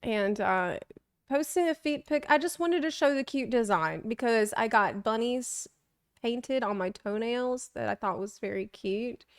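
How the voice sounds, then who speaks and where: A young woman streamer rambles through self-deprecating stories in a relaxed live chat, laughing often. Her voice is slightly high, smooth and clear, and she takes her time. The sound is dry and close. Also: measured pace, no room sound. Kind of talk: casual chat.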